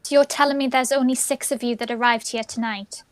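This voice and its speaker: Brief: inquisitive woman player, higher pitch, dry close mic. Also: fairly even intonation, fairly quick, no room sound. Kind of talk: tabletop game play.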